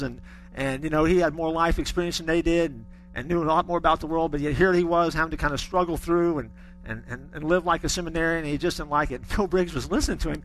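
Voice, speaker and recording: A man's voice: on the high side, fairly bright tone. A middle-aged man preaching a sermon, telling stories with folksy humor. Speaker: pastor.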